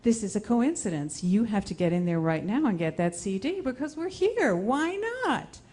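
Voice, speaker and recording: A woman voicing her gentle, patient father who reassures her soothingly. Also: mid-range voice, sing-song, moderate pace, slightly rough. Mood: reassuring.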